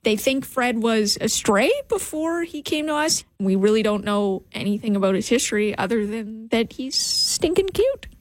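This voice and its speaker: A woman hosting a radio show in the studio, chatting in a bubbly, animated way. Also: a little high, moderate pace, hardly any pauses, no echo. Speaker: radio host. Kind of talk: casual radio chat. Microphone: studio microphone.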